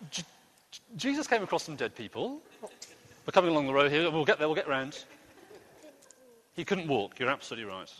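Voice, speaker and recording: A man leading a playful quiz for children during a church service, joking gently as he asks questions. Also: on the high side, long reverb tail. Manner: lively, playful quizmaster with gentle jokes. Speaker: children's talk leader at church.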